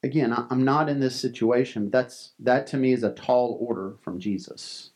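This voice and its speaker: A man's voice: mid-range voice, fairly even intonation, normal speed. A male pastor preaching a sermon in an earnest, conversational way, often restarting his words. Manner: earnest, conversational, frequent restarts and soft laughs.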